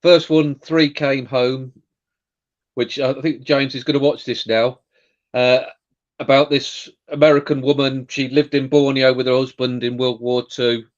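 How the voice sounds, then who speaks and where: A man's voice: mid-range voice, little pitch movement, unhurried. A man chatting candidly on a livestream, reflective and loosely phrased. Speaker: livestream co-host. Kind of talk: casual chat. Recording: dull lo-fi call audio.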